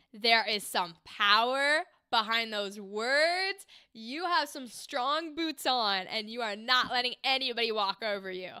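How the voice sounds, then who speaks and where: A woman's voice: on the high side, bright, forceful tone, smooth, no room sound, studio quality. A woman hosting a livestream, giving bubbly, encouraging critiques of voice acting takes in a chatty way.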